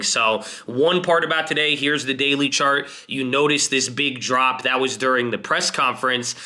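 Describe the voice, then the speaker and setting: A man hosting a finance video, giving casual market commentary in a fast, excitable way as he explains to viewers. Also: mid-range voice.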